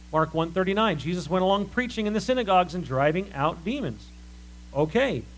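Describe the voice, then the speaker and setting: A man preaching a sermon that walks through scripture, talking in a lively, conversational way and asking many rhetorical questions. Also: sits high, low-quality recording.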